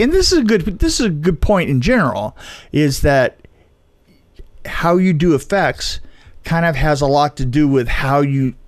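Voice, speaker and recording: A podcast co-host chats casually in a slightly high male voice. He stops and restarts often, reaching for words with fillers. The sound is dry and close. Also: no room sound. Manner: halting, many fillers and restarts. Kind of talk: casual chat.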